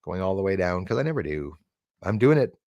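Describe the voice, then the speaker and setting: A gravelly-voiced man hosts a live stream. He talks casually and rambles, stressing his points with lots of "uh" and "you know". His pitch swings widely, and the sound is dry and close. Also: sing-song, brisk, a little mellow, no echo, lo-fi sound. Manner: rambling and emphatic, with many fillers. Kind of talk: casual live-stream talk, reading chat comments.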